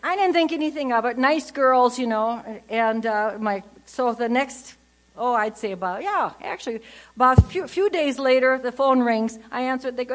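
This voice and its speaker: Chatty older Midwestern woman, higher voice. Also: brisk. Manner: animated, chatty, acts out family anecdotes. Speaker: conference speaker. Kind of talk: humorous storytelling talk.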